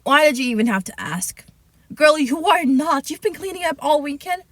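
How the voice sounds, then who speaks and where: A woman's voice: high voice, lively intonation, no echo. A young woman hosting a casual podcast, reading online posts aloud and breaking in with sassy, scolding asides. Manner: sassy and chatty, scolding asides, drawn-out words. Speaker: podcast host reacting to online stories.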